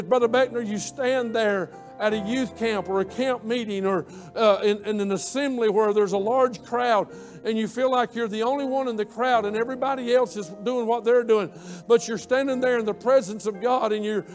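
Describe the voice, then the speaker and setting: A man's voice: high-pitched, a little mellow. A man preaching a sermon, impassioned and repeating himself as he builds.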